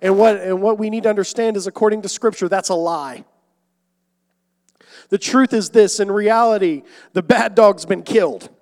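A young man preaching a sermon, swinging between loud emphatic calls and quiet asides. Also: high-pitched, normal speed. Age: young adult. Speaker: pastor. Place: church sanctuary. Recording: long hall reverb.

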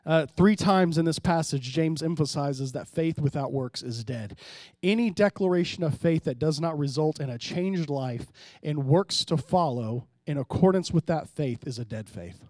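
A man pastor preaching a sermon, swinging between hushed, low passages and loud, emphatic rises, often calling out to the congregation. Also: expressive, moderate pace, few pauses, dry recording, studio quality. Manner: preaching with sudden drops to quiet and loud rises, calls to the congregation.

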